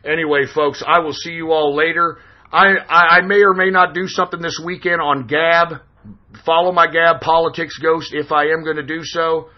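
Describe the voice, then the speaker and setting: A man's voice: on the high side, level tone, moderate pace, dull audio. A man hosting an internet political radio show, talking in a profane, emphatic, intense way. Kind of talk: political call-in show monologue.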